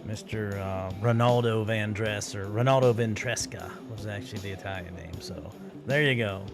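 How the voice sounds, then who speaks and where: A man's voice: on the low side, moderate pace, gravelly, over music. An older man co-hosting a casual podcast, a dry joker who delivers puns and old prank stories. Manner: dry pun-telling joker. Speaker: podcast co-host. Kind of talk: casual banter.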